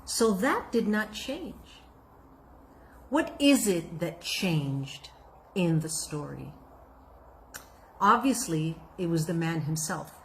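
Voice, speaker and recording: A woman telling a folk tale in an expressive, reflective way, then drawing out its lesson. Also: fairly low pitch, slow, long pauses, a little hiss or hum. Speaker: storyteller. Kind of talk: folk tale storytelling with a moral.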